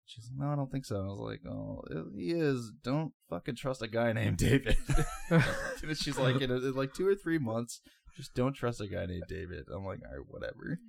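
A man's voice: medium pitch, expressive, normal speed, gravelly, dry recording, clean studio sound. A man co-hosting a podcast, telling a long story in a rambling, laid-back way with lots of fillers. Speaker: podcast co-host. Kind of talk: casual storytelling chat.

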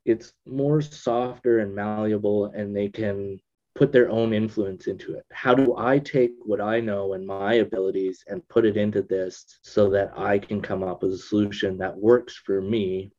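A man in casual conversation, thinking aloud with restarts, usually subdued but getting emphatic when excited. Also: lowish voice, normal speed, lo-fi sound.

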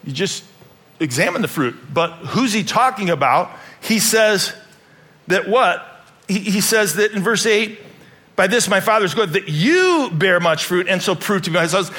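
A man's voice: high voice, lively intonation, normal speed, sharp tone. A middle-aged man preaching a sermon as pastor, with joking, rambling asides and playful self-deprecation.

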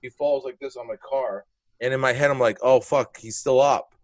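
A man's voice: medium pitch, normal speed, dry recording. A man spinning a rowdy anecdote, cursing and slipping into the voices of the people in it. His voice sits in an ordinary middle register, recorded in a dry, dead room. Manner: animated, profane, acts out quotes. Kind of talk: casual storytelling chat.

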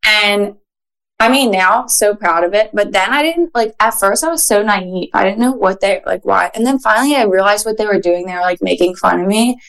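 A woman with a Philadelphia accent, a guest on a podcast, telling stories in an animated, casual way with lots of "like.". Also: medium pitch, fairly quick. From Philadelphia, USA. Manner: animated storyteller, frequent "like".

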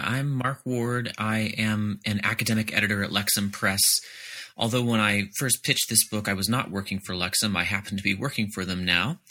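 A man's voice: fairly low pitch, bright, forceful tone. A man, an author and editor, giving earnest and articulate answers in a podcast interview, explaining his points in careful detail.

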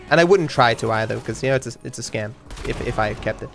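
A man's voice: mid-range voice, expressive, fairly quick, creaky, faint music behind. A man hosting a podcast, telling a story in a loose, rambling way, with many restarts and casual swearing. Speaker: podcast host and streamer.

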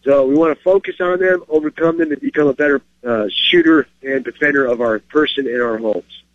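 A man's voice: on the high side, big pitch swings, brisk, vocal fry, dull audio. Plain-spoken man teaching gun-carry rules. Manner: plain-spoken, emphatic, checks in with "okay?". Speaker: firearms instructor and show host. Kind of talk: instructional talk and story reading.

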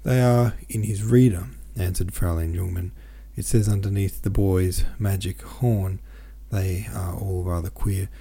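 Male audiobook reader, low gravelly voice, dark tone, gentle and steady. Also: measured pace, hardly any pauses. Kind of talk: novel read aloud.

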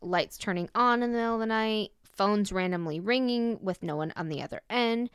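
A woman's voice: medium pitch, a little fast, clear, resonant tone, no room sound. A young woman hosting a podcast, reading ghost stories in a chatty, giggly way with lots of fillers. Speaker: podcast host.

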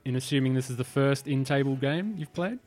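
A man running a tabletop game for a podcast, his voice sitting at an ordinary middle pitch. He talks in a wry, teasing way, with soft music underneath. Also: a little fast. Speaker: game master. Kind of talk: casual podcast chat.

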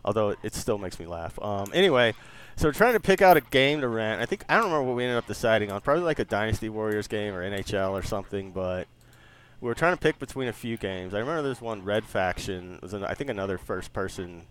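A man's voice: fairly low pitch, expressive, fast, fairly bright tone, clear, resonant tone. A man in his late thirties co-hosting a podcast, chatting casually, laughing often and swearing freely. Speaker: podcast co-host. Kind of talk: casual chat.

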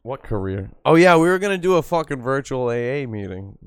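A man's voice: mid-range voice, very animated, a little fast, clean tone, dry recording, studio quality. A man in casual banter with friends on a stream, laid-back and swearing a lot. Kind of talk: casual chat.

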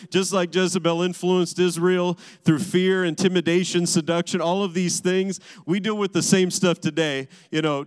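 A man's voice: a little high, clean tone. A man preaching a sermon as a pastor, driving his points home with emphatic repeated phrases. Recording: large hall with long reverb.

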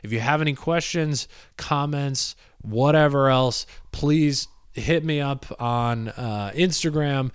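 Smooth-voiced young man telling a story. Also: medium pitch, no echo, clean studio sound. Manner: rambling, many fillers and asides. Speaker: podcast host and comedian. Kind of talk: casual storytelling monologue.

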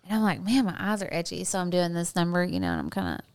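Animated, laughing woman. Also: lowish voice, quick pace, clear, resonant tone. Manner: animated storyteller, laughs often, swears casually. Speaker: podcast co-host. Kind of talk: casual chat.

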